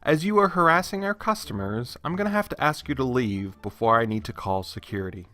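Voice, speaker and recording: A man's voice: mid-range voice, lively intonation, fairly quick, bright, forceful tone. A man voicing a formal, firm male store manager who speaks with cool politeness. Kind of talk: narration with voices.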